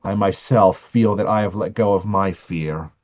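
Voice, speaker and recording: A man playing his character in a tabletop game, speaking earnestly and haltingly, often restarting his sentences. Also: deep voice, darkish tone, lo-fi sound. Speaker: player.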